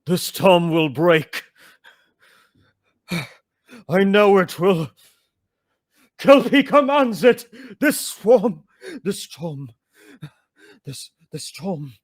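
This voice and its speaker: A man voicing an anguished elf chief who shouts in desperation. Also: high-pitched, lively intonation, very slow, pauses often, no echo, studio quality, pitched above the performer's own voice, full character voice. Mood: fervent. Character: anguished male elf chief, frantic, defiant.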